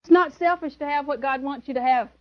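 A woman preaching a sermon in a high voice, driving her points home with emphasis and the odd chuckle. She repeats her key words to make them stick. The recording is dull and lo-fi. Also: a little fast.

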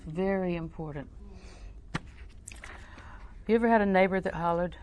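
An older woman teaching a sermon through personal stories, talking conversationally and often dropping to a soft, near-whispered voice. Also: lowish voice, normal speed, a little hiss or hum. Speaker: Christian teacher.

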